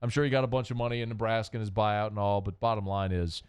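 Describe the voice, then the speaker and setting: A man hosting a sports talk radio show in the studio, talking in an animated, emphatic way with rambling asides. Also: on the low side, fast, smooth.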